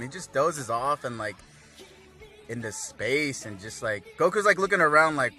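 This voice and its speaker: A man's voice: a little high, moderate pace, faint music behind. A man casually recapping an anime episode, rambling with lots of fillers. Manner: rambling, filler-heavy, animated.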